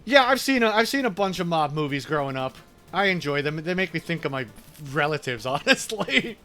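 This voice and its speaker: A man's voice: fairly high pitch, big pitch swings, a little fast, sharp tone, faint music behind. A man from New York with an Italian-American New York accent, chatting casually and laughing while streaming a game. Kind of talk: casual chat while gaming.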